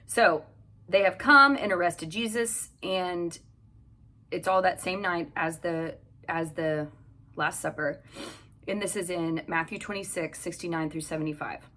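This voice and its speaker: A woman's voice: lowish voice, a little slow, bright, forceful tone. A woman hosting a devotional podcast, chatting casually and reading scripture aloud while recording in a home closet. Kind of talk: casual devotional Bible teaching.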